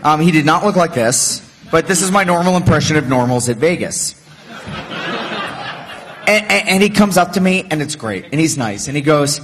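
A man's voice: on the high side, moderate pace, fairly bright tone, in a large hall. A man on a conference panel, telling a funny story in a jokey, self-deprecating way. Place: large conference hall.

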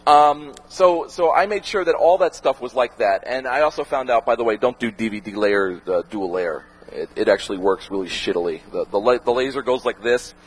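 Man, husky voice, lively swooping delivery, casual audience Q&A, cursing freely, acts out voices. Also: medium pitch, fairly quick, few pauses, poor audio. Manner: animated and profane, acts out quoted voices. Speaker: documentary filmmaker answering audience questions. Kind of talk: casual talk with Q&A.

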